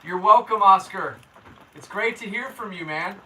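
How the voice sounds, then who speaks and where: A man's voice: sits high, moderate pace, sharp tone, recorded from a distance, slight background noise, rough recording. A man hosting a casual weather livestream from his home, chatting with viewers in a laid-back, slangy way and reading their comments aloud. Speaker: local weather livestream host. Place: indoors at home.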